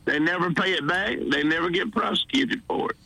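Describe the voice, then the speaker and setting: High gravelly southern caller on a dry phone line, rambles and keeps restarting, fed up. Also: male voice, expressive, pushed and bright, no room sound. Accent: Southern US, Alabama. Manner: rambling, halting, exasperated. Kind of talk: call-in phone chat. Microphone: phone while driving.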